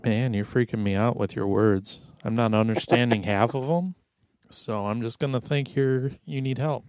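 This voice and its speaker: A man's voice: mid-range voice, normal speed, few pauses, a little mellow, smooth, no echo. A middle-aged man hosting a casual comedy podcast, teasing and sarcastic. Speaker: podcast host. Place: home podcast booth.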